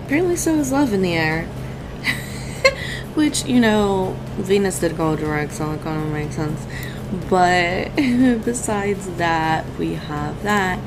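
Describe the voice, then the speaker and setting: Woman podcast host, just woken up, giggly and rambling, lively swooping pitch, slow delivery, music behind. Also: poor audio. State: groggy morning voice. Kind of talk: casual chat.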